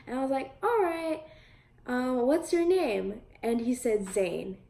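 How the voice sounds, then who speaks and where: Young woman, vlogger, giggly and excitable, slightly high voice, slow unhurried delivery. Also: gravelly, reverberant. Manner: giggly, excitable, lots of fillers. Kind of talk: casual storytelling.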